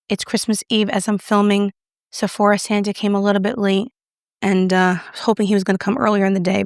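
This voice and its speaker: A woman's voice: medium pitch, no room sound, studio quality. A young woman casually reviewing makeup, chatty and self-deprecating as she applies it on camera. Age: young adult. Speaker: beauty YouTuber.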